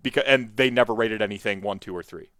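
A man's voice: lowish voice, quick pace, a bit bright, no echo, clean studio sound. A man co-hosting a casual livestream chat, rambling and swearing as he talks. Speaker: YouTuber co-host.

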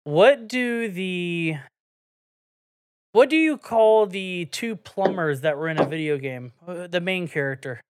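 A man's voice: high-pitched, slow pace, clean tone, no room sound. Male podcast host, casual and profane, dry close mic. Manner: swears a lot, loose and joking.

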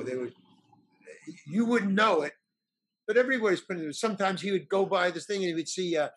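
Telling a lengthy story in relaxed chat, this male guest has a husky, fairly high-pitched voice. He brings it to life by performing the voices of everyone he quotes.

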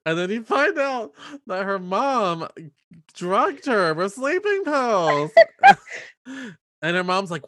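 Animated man recapping a movie. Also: sits high, dry recording, clean studio sound. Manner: animated, mimics characters in quick bursts. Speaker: podcast co-host. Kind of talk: casual movie recap chat.

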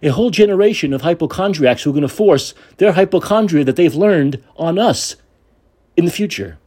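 A man's voice: fairly high pitch, expressive, brisk, darkish tone. A man hosting a podcast, giving an angry, sarcastic and profane political rant. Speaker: podcast host.

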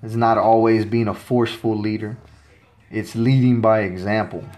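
A man's voice: lowish voice, steady tone, moderate pace, a little mellow. Blunt, profane man telling a war story. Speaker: podcast host. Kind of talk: casual storytelling monologue.

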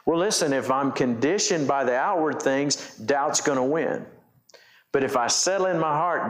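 A man preaches a sermon as pastor in a church, his slightly high voice animated and at normal speed, with a reverberant sound. He poses questions to the congregation and often repeats and restarts his phrases.

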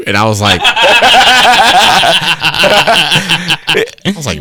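Animated young man telling a story. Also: lowish voice, slow, long pauses, crowd noise. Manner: animated storytelling, acts out quotes, laughs often. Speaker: storyteller in group chat. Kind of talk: casual chat.

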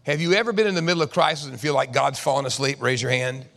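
A man preaching a sermon, swinging from loud bursts to hushed tones and acting out quoted voices. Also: medium pitch, fairly even intonation, quick pace, gravelly. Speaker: pastor. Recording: reverberant church hall.

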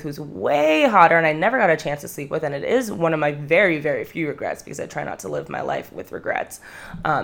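A woman in her twenties, hosting a podcast and telling candid, self-mocking stories in casual chat, swearing freely. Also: fairly bright tone. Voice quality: low voice with vocal fry. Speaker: podcast host. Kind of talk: casual confessional storytelling.

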